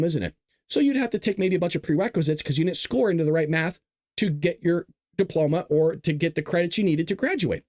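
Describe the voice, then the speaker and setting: A man's voice: high voice, darkish tone, no echo, clean studio sound. A male host giving sarcastic, ranting political commentary straight to his viewers. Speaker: show host.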